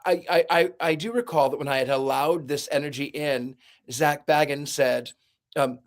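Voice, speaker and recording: A man who works as a paranormal investigator and medium, telling lively stories in a casual podcast chat. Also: fairly high pitch, moderate pace. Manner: animated storyteller, acts out voices and screams.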